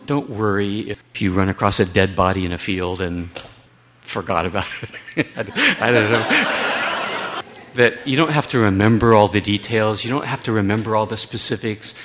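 A man delivers a Bible teaching talk in a fairly low voice. He presses his points earnestly and emphatically, now and then slipping in a wry aside. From United States.

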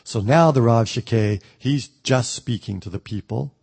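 A man teaching the Bible verse by verse, reading a passage aloud and then explaining it in plain words, with the odd pause and restart. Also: medium pitch, vocal fry, a little mellow, husky. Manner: thoughtful, with occasional ums and restarts.

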